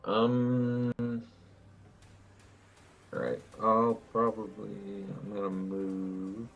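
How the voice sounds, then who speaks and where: A man playing a tabletop game, low-key and deliberate. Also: little pitch movement, muffled recording, a little hiss or hum. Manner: slow, low-key, counting out rolls. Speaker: player.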